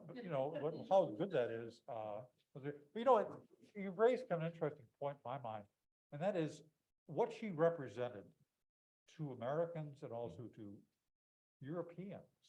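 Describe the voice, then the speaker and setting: Male author on a discussion panel, warm and mellow tone, measured and reflective. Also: medium pitch, poor audio.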